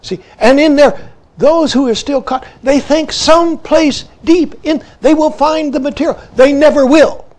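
Slow older man teaching with repeated "see". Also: very high-pitched. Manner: says "see" again and again, slow and deliberate; drops to hushed whispers when retelling a story. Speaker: Zen teacher. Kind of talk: dharma talk.

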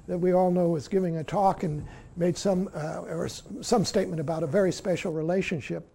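A man giving a Zen dharma talk as the teacher, halting and dropping "see?" after many points. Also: high-pitched, steady tone, vocal fry, mellow.

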